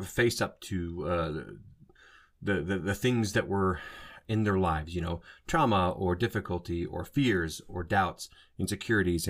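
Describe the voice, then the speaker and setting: A man's voice: sits low, fairly bright tone. A man hosting a solo podcast in a casual monologue, rambling and often stopping to rephrase and correct himself. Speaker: podcast host.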